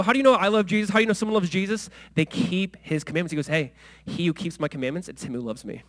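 A man preaching a sermon as pastor, in a conversational way full of asides and questions to the congregation, swinging between quiet low asides and loud high exclamations. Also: quick pace.

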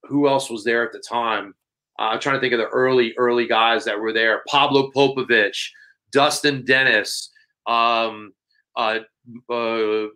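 A man's voice: medium pitch, sharp tone. A man, a podcast guest, telling stories in a casual, rambling way with many fillers. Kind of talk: casual storytelling.

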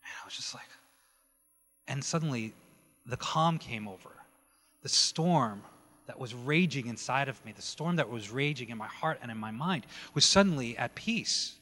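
A man preaching his personal testimony, telling the story with animated energy and acting out quoted dialogue. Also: mid-range voice, moderate pace. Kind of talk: testimony sermon. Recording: long hall reverb.

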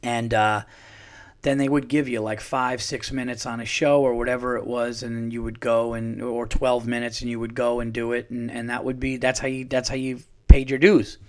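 A man's voice: medium pitch, little pitch movement, moderate pace, a little mellow. A comedian from New York, a man telling a long story casually, rambling and swearing with many restarts. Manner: rambling, profane, with frequent restarts. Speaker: comedian, podcast host.

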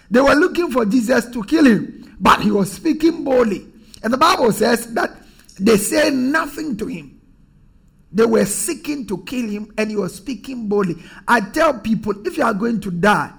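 A man's voice: high voice, gravelly, a bit bright, slightly rough. A man preaching a sermon as pastor, emphatic and repetitive, reading scripture aloud.

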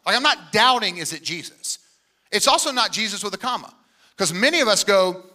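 Bright, high-voiced energetic male pastor. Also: brisk. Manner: energetic, joking, quotes people in put-on voices. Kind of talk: sermon.

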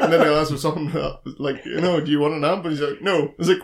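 Giggly, slightly high-voiced man. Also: fairly even intonation, quick pace, hardly any pauses. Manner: laughs often while retelling sketches. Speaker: podcast co-host. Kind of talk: casual chat.

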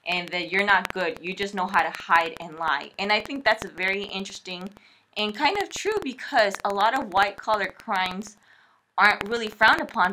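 A woman's voice: mid-range voice, bright, forceful tone, slight background noise, rough recording. A young woman co-hosting a podcast, chatting casually and enthusiastically with lots of fillers. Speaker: podcast co-host. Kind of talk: casual chat.

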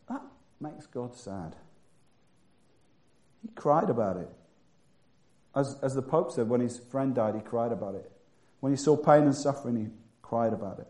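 Man preaching with a dark, echoey tone. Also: mid-range voice, normal speed. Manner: swings from loud emphatic bursts to hushed, quiet delivery. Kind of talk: sermon.

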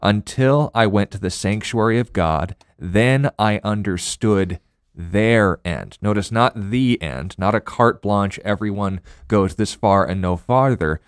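A man with a very low, deep voice, recorded dry and close with no room sound. He gives measured Bible teaching as a radio co-host, explaining and quoting scripture in a steady way. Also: clean tone, no room sound.

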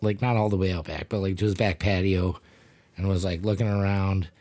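A laid-back man with a low, dark, mellow voice tells a story in casual podcast chat. He chuckles along as he talks. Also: fairly even intonation, fairly quick. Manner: laid-back, laughs while telling stories. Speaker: podcast co-host.

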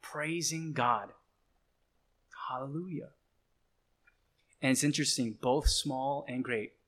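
With a medium-pitched, slightly bright voice, a pastor preaches emphatically. Short calls come again and again to press his points, and he keeps the delivery slow, deliberate and repetitive.

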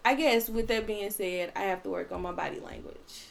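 A woman's voice: medium pitch, moderate pace, vocal fry. A woman co-hosting a casual podcast, talking frankly and with energy about relationships, sometimes talking over her partner. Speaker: podcast co-host. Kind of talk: casual chat.

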